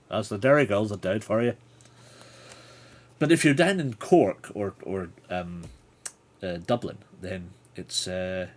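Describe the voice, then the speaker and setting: A man's voice: fairly low pitch, lively intonation, unhurried, long pauses, a little mellow. A man hosting a livestream, reading a gamebook aloud and chatting playfully with viewers. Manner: playful, chatty asides to chat.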